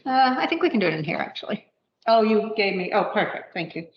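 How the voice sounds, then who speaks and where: A woman leads a live cooking demonstration in a store's demo kitchen, talking casually and thinking out loud with many fillers. Her voice sounds roomy and slightly muffled, like lo-fi livestream audio. Faint background noise sits underneath. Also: mid-range voice, very animated, fast talker. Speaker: cooking instructor.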